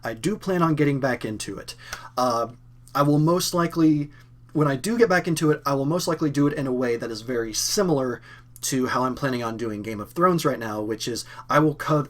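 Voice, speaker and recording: A slightly bright, mid-range male voice belongs to a channel host, a young man from Kentucky with a faint Southern accent. He runs a loose live-stream Q&A, rambling and filling gaps while correcting himself.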